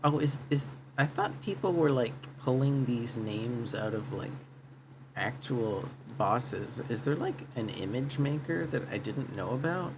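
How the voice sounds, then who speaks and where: A man's voice: medium pitch, animated, unhurried, background noise. A man casually streaming a game, thinking aloud and reading chat, often repeating himself. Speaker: livestreamer. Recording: guitar music playing under voice.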